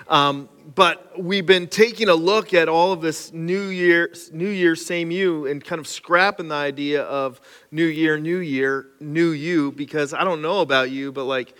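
A man's voice: on the high side, unhurried, a bit bright. A man preaching a sermon to his congregation, conversational and self-deprecating, with casual asides. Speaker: pastor. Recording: live sermon with long hall reverb and faint music.

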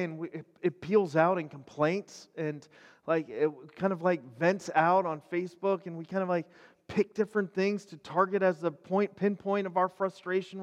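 Pastor, male, middle-aged: high-pitched and earnest, casual preaching with loose fillers, long reverb trailing behind. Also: lo-fi sound. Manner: conversational, earnest, many fillers and restarts. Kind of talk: casual sermon video.

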